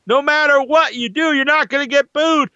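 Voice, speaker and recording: A man's voice: extremely high pitch, moderate pace, bright, forceful tone, dry recording, dull audio. A man talking casually in a rambling, profane monologue about wrestling. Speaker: wrestling commentator.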